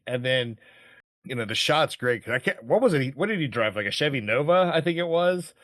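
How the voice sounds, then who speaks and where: A man's voice: medium pitch, animated, brisk, a bit bright, dry recording, studio quality. A man co-hosting a movie podcast, talking casually with lots of fillers and quoted reactions. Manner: rambling, many fillers, quoting lines. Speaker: podcast co-host.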